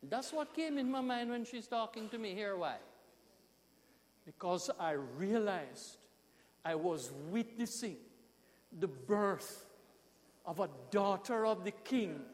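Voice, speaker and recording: A man with a Jamaican accent, a pastor telling a story in an animated sermon with emphatic swings in loudness. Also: high-pitched, takes it slowly, long pauses, in a large hall, a faint crowd, a little hiss or hum.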